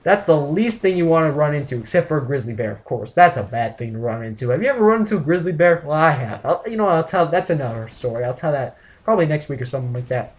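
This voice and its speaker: A young man from Canada tells a story to camera, hamming it up with jokes and exaggeration. His voice sits a little high and swings up and down lively. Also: fast. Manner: animated, joking, exaggerated storytelling. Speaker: vlogger. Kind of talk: casual storytelling vlog.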